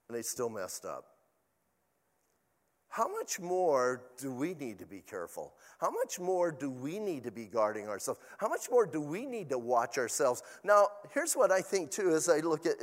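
A man's voice: on the high side, big pitch swings, normal speed, long reverb tail. An older man, a pastor, preaching a sermon in a chatty, storytelling way with asides to the congregation.

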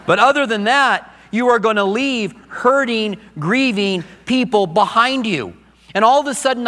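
A man's voice: extremely high pitch, a little slow, pushed and bright, big-room sound. A middle-aged man preaching a sermon as pastor, earnest and personal as he tells his own story.

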